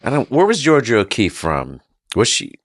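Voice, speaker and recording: A man's voice: medium pitch, wildly swooping pitch, normal speed, a bit bright, no echo. A man guesting on a comedy podcast, rambling and laughing as he fumbles for words, on a studio mic. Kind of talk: casual comedic chat.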